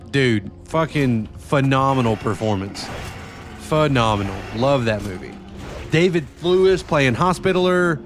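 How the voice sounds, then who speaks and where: A man chatting casually with viewers during a live game stream, loose and profane, often rambling. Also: mid-range voice. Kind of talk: casual live-stream chat while gaming.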